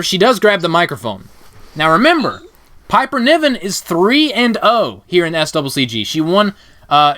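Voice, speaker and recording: A man hosting a podcast, casually narrating a wrestling game with jokes and loud laughs. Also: high-pitched. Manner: animated, jokey, laughs loudly.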